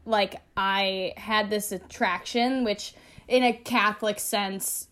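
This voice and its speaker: A woman's voice: medium pitch, takes it slowly. A young woman co-hosting a casual podcast, telling a personal story with lots of laughter and "like" fillers. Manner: animated, laughing, many "like" fillers. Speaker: podcast co-host.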